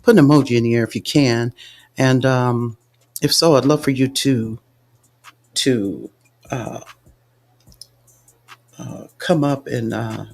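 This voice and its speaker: A man's voice: mid-range voice, vocal fry, husky. A man hosting a casual live audio chat, talking in a loose, chatty way with many fillers and restarts. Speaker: host of a live audio space.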